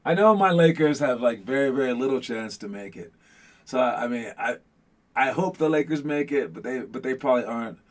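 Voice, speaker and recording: Hosting a basketball show, a man with a medium-pitched, lively voice talks briskly and casually to his viewers. He rambles, restarts often, leans on fillers and calls his audience guys.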